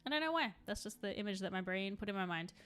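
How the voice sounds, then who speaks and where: A woman's voice: mid-range voice, animated, quick pace, a bit bright, clear, resonant tone, faint music behind. A young adult woman chatting casually on a live stream while she paints, rambling and laughing often.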